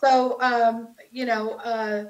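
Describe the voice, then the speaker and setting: A woman's voice: a little high, level tone, takes it slowly. A woman guest, a guitarist, chatting casually in an interview and telling stories with lots of fillers and restarts. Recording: dull lo-fi sound.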